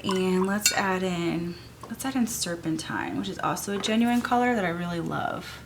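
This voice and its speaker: A woman's voice: lowish voice, normal speed, noisy background. A woman, sniffly, chattily teaching an art journaling craft technique while she works at home. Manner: chatty and gushing, talks while working. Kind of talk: casual craft tutorial.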